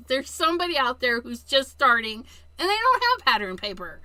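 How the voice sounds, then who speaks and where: A woman's voice: a little high, very animated, a little slow, bright, forceful tone, no echo. A woman hosting a casual live-stream card-making demo, chatting and joking with her viewers as she works. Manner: chatty, addresses viewers as "you guys", giggly asides.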